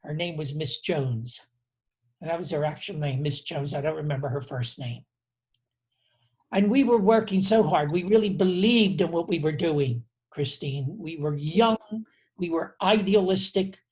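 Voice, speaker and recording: A man in his seventies hosting a conversation, telling a personal story in an earnest, reflective way that often drops low on key phrases. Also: moderate pace, darkish tone. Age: 70s. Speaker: host.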